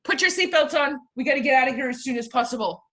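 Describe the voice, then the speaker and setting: A woman's voice: sits high, lively intonation, racing. A woman playing a frantic alien mom hurrying her kids. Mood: panicky. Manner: bossy, panicky, yelling at kids. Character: frantic alien mother steering a UFO family.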